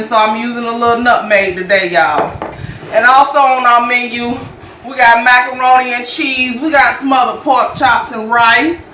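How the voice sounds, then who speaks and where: A home cooking show host from Jacksonville, Florida, with a Southern US accent walks viewers through a recipe step by step, chatting folksily and calling them y'all. The mid-range voice is bright and forceful but far from the mic, in a roomy kitchen with faint background hum.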